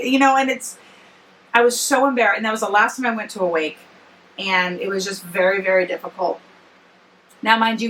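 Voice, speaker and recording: Tired woman in her 40s, vlogger, bright voice, rambling and chatty, faint noise behind. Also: mid-range voice, rough recording. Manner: rambling, self-correcting, chatty. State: tired after work, yawning. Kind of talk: casual personal storytelling to camera.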